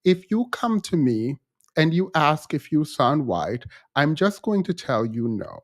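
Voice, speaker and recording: Guy hosting a chill livestream, kinda high voice, tells stories animated and does mimicky voices. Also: a little slow. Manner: animated storytelling, mimics others in a raised voice. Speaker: channel host. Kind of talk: casual live-stream commentary.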